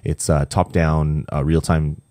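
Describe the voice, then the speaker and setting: A man's voice: extremely low pitch, little pitch movement, measured pace, warm tone, no room sound, clean studio sound. A young man hosting a casual gaming podcast, chatty and rambling, laughing easily. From Canada. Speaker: podcast host.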